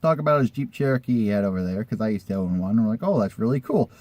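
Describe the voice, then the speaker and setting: A man's voice: fairly low pitch, animated, fast, darkish tone, no echo. A man in a casual vlog, telling a personal story in a rambling, conversational way with the odd swear word.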